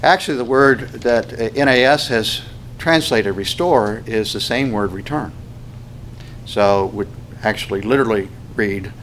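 A man's voice: lowish voice, measured pace, fairly bright tone, a little hiss or hum. A man preaching a sermon as a pastor, in a conversational storytelling manner with many fillers.

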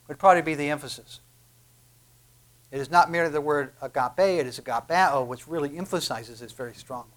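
A man preaching from the pulpit, his voice sitting a little high for a man. He builds to loud, emphatic peaks on key phrases and then drops to near-hushed asides. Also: lively intonation, normal speed. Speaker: pastor. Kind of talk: sermon.

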